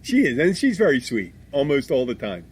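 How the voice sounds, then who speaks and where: A man's voice: medium pitch, wildly swooping pitch, brisk, a little mellow, husky. A man from Philadelphia hosting a casual podcast chat, blunt and abrasive, swearing freely and restarting his sentences as he rambles. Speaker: podcast host.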